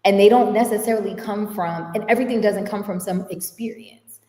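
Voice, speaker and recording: A woman's voice: mid-range voice, a little fast, warm tone. A woman chatting casually, colloquial and anecdotal. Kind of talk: casual conversation. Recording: echoey room with long reverb.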